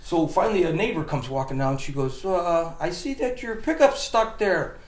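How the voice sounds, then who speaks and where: A man's voice: on the high side, expressive, normal speed, reverberant. A man telling a long funny story in a rambling casual way, stopping to restart and laughing as he goes.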